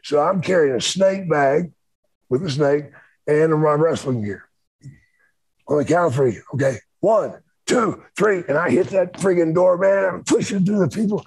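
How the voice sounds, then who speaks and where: Older man, husky and dry, profane storyteller co-hosting, casual and rambling. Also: on the high side, normal speed, darkish tone, dry recording, low-quality recording. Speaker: co-host, former wrestler.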